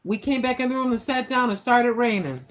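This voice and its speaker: Woman, 60s, livestream host, slightly high voice, preachy joking warnings. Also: a little fast, low-quality recording. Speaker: walking vlog host. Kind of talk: casual livestream chat. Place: at home indoors.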